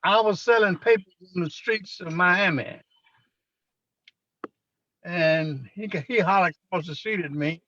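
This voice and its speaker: An older man being interviewed, recounting personal memories in an unhurried storytelling way and acting out what people said. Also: high-pitched, a bit bright, dry recording, highs cut off. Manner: unhurried storyteller who acts out quotes. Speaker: interviewee, former minister.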